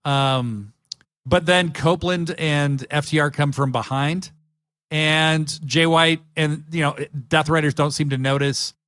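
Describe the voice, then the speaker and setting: A man's voice: a little high, steady tone, unhurried, fairly bright tone, dry recording, studio quality. A man hosting a podcast, chatting eagerly and rambling with lots of fillers. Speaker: podcast host. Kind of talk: casual chat.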